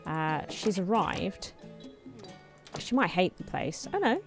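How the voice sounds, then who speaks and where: A woman hosting a let's play, chatting casually and thinking aloud as she builds, her voice slightly hoarse. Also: on the low side, sing-song, slow pace, soft background music. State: slightly hoarse, clearing throat. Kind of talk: casual gameplay commentary.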